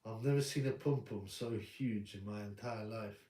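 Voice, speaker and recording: A man voicing a hesitant male doctor who stammers and trails off, softer and lower than his usual talk. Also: natural voice. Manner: halting, stammering delivery. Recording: roomy room, distant mic.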